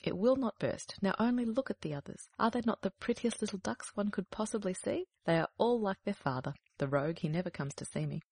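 A woman's voice: medium pitch, lively intonation, a little fast, creaky, hardly any pauses, darkish tone, slightly rough, no room sound. A woman reading aloud, voicing a fretful, tired mother duck in a fairy tale, fussing in a slightly raised voice.

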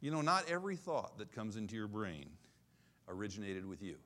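A man in his sixties preaching a sermon in an animated, conversational way, repeating his key phrases. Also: on the low side, fairly quick. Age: 60s. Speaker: pastor.

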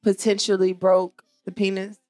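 A woman's voice: medium pitch, level tone, normal speed, a little mellow, no echo. A woman guesting on a podcast in casual chat, teasing and questioning.

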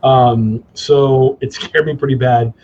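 A man guest in a casual interview, telling stories in an animated way, laughing and acting out his father's gruff lines. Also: medium pitch, slow pace, lo-fi sound, a little hiss or hum. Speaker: cigar company guest.

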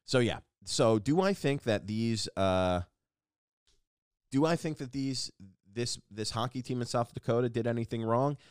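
A man's voice: mid-range voice, measured pace, clear, resonant tone, no room sound, studio quality. A man hosting a casual solo podcast, rambling and self-deprecating with lots of restarts. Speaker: podcast host.

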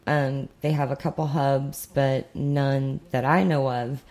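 A woman's voice: extremely low pitch, level tone, takes it slowly, a little mellow. A young woman from the United States co-hosting a podcast in casual, rambling chat with sarcastic asides. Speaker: podcast co-host.

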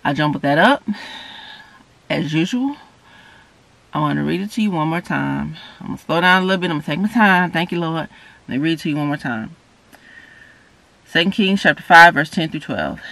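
A man delivers an informal sermon in a bright, somewhat high voice, reading scripture and then explaining it. He keeps checking in with listeners with a frequent "okay?" and grows louder and higher when he presses a point. The sound is close and dry. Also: lively intonation, creaky, no room sound. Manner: repeats "okay?" often, rereads passages slowly; earnest, rises in pitch and volume when emphatic. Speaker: preacher.

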